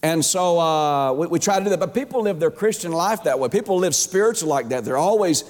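A man preaching an emphatic sermon as a pastor, stretching words and swinging his pitch up and down. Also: animated, a little fast, darkish tone. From Georgia, USA. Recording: long hall reverb.

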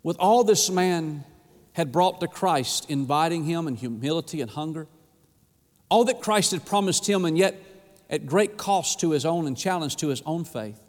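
Preacher, male, high voice, dynamic delivery dropping to a hush, long hall reverb. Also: animated, moderate pace. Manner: dynamic preaching with sudden drops to a low hush. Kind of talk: sermon.

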